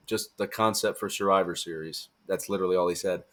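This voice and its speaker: A man's voice: deep voice, steady tone, quick pace, few pauses. A tired young man giving a casual, joking wrestling review and acting out quotes in silly voices. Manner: chatty, jokey, acts out quotes in funny voices.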